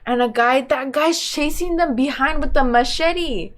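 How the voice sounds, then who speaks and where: Woman, podcast co-host, fairly high pitch, blunt, casual chat, drawn-out storytelling. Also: fairly bright tone.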